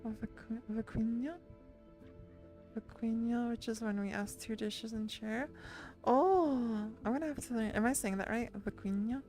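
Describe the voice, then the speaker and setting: A woman's voice: on the high side, normal speed, a little mellow, faint music behind. A woman streamer chatting casually and rambling with her viewers, full of restarts and little laughs. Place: lying down at home.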